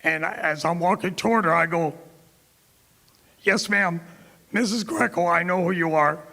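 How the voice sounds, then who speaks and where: Gravelly middle-aged man telling stories in a hall. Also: sits high, normal speed, bright, forceful tone. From Tampa, Florida. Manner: anecdotal, quotes others in dialogue. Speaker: keynote speaker. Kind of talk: storytelling speech. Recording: reverberant hall.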